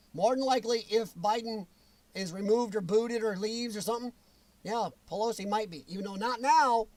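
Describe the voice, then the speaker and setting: A man with a high-pitched voice hosts a livestream talk show. He rants bluntly and answers viewer comments. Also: no echo. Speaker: show host reading chat.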